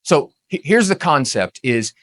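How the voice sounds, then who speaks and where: A man's voice: medium pitch, sing-song, a little slow, fairly bright tone. A man with a mid-range voice delivers a motivational talk, firing off points at speed. He hits key words hard and keeps the tone punchy and emphatic throughout. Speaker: speaker on real estate tax strategy. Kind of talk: motivational presentation.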